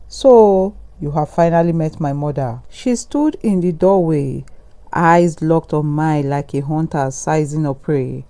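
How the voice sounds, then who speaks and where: Man narrating horror in a mellow voice. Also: fairly high pitch. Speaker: storyteller.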